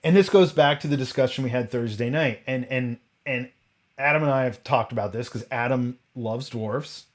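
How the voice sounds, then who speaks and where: A man's voice: medium pitch, normal speed. Man musing at a midpitch, full of tangents. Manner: rambling, full of tangents and rhetorical questions; frequent restarts and self-corrections. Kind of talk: casual roundtable chat.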